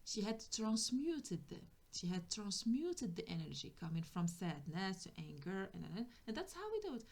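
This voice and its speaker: A woman's voice: mid-range voice, sing-song, normal speed, a little mellow. Hesitant woman giving a tarot reading. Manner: hesitant, restarts often, searches for words. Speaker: tarot reader. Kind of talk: spiritual guidance reading.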